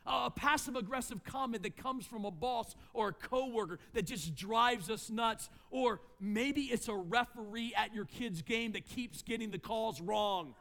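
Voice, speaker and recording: High-voiced storytelling pastor in a hall. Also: male voice, moderate pace, few pauses. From United States. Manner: storytelling, animated, humorous asides. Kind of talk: sermon with personal story. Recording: long hall reverb.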